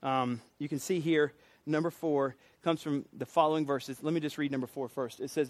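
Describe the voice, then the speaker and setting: Pastor, male, relaxed conversational sermon delivery with light humor; higher-pitched voice. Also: a little fast, no echo. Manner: casual, jokey conversational preaching.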